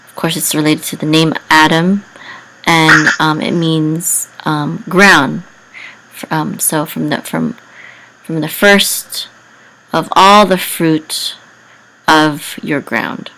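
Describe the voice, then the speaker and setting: A woman teaching biblical Hebrew reading, carefully spelling out letters and vowel sounds with frequent pauses. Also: low voice, steady tone, pushed and bright, poor audio. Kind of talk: slow explanatory lesson.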